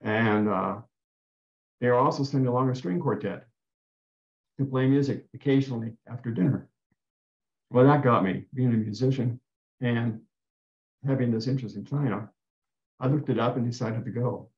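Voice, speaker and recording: A man's voice: mid-range voice, normal speed, long pauses, a little mellow. A man giving a talk and telling a personal story in an earnest way. He often repeats himself and restarts his phrases. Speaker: guest speaker. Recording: dull roomy talk recording.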